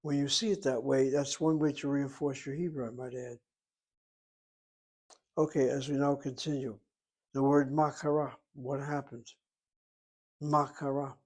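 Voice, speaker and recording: A man teaching Hebrew in a relaxed lecture, explaining terms patiently and asking rhetorical questions along the way. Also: medium pitch, measured pace, long pauses.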